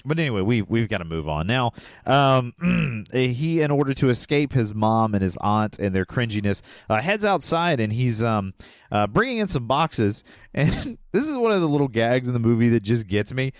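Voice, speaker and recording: Lively, joking man with a dry sound. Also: medium pitch, moderate pace, no room sound. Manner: joking, rambling with many fillers. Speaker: podcast co-host. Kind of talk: casual comedic chat.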